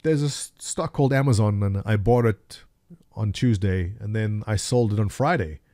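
A man voicing his boastful young friend, a clueless novice day trader who brags about quick profits. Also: lowish voice, dark tone, dry recording, clean studio sound, lightly acted. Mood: bragging.

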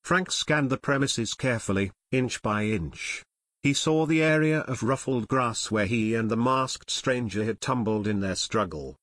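A male audiobook narrator with a steady, measured delivery at a middle pitch. The recording is dry and close, with no room sound at all. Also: no room sound.

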